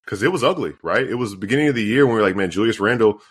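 A man's voice: mid-range voice, animated, very fast, fairly bright tone, husky. A man co-hosting a sports podcast, chatting casually and playfully quizzing his partner. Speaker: podcast co-host.

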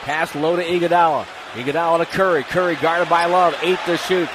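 A man calling live basketball play-by-play in rapid clipped phrases, rising to shouts on big plays. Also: a little high, fairly even intonation. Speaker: play-by-play announcer. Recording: broadcast with arena noise behind. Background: arena crowd and ball bounces.

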